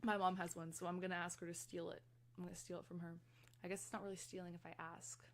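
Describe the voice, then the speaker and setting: A young woman chatting casually and excitably with viewers on a live stream from her room, rambling from one story to the next. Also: on the low side, quick pace, a little hiss or hum. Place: her room, fan running.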